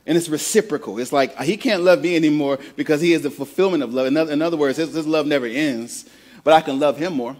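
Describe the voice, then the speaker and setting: Here the pastor from the American Midwest talks fast in a higher, slightly mellow voice. His sermon stays conversational, full of repeated words as he develops ideas and calls for the congregation to repeat lines after him.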